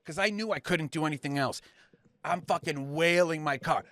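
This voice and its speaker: A man's voice: on the high side, normal speed, sharp tone, no echo, studio quality. A man, co-hosting a podcast, ranting heatedly and swearing a lot as he tells a story. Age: young adult. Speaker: podcast co-host. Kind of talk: casual ranting chat.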